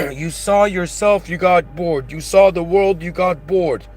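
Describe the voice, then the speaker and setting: Guy rambling about big ideas, kinda high voice, earnest, soft music behind. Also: a little slow. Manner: earnest, rising with emotion. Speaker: channel host. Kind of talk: philosophical monologue.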